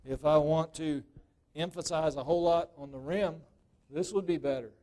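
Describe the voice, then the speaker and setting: A man's voice: on the high side, moderate pace, warm tone. Folksy man teaching a workshop. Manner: casual, folksy, checks in with "okay?" constantly. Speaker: woodturning demonstrator. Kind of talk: live workshop demonstration to a club. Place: club meeting room with a live audience.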